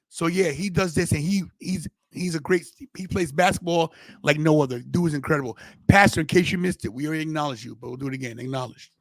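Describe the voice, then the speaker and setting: A man's voice: a little high, dry recording. A man hosting a podcast in casual chat, telling a rambling story with many restarts and fillers. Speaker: podcast host.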